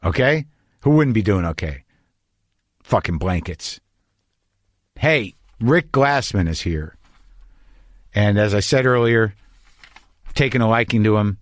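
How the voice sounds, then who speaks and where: A man's voice: fairly low pitch, a little slow, pauses often, no room sound. Anxious rambling middle-aged man, dry. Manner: anxious, rambling, profane, deadpan. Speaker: podcast host. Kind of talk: comic monologue and interview. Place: home studio.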